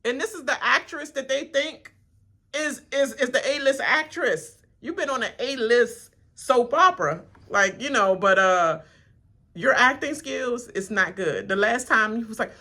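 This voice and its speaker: Woman reaction vlogger, ranting in a bright, lively voice and slipping into mocking impressions. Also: measured pace. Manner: animated, laughing, acts out cast members in high mocking voices. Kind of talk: casual reaction rant.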